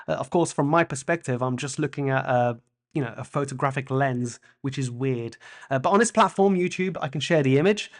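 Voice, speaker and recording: A man hosting a comic podcast monologue, theatrical and playful, swinging between loud outbursts and hushed asides. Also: medium pitch, a little fast. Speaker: podcast host.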